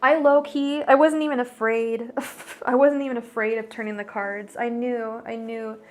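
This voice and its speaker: A woman doing a casual livestream as a tarot reader, talking in a bubbly, gushing, giggly way with lots of fillers. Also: mid-range voice.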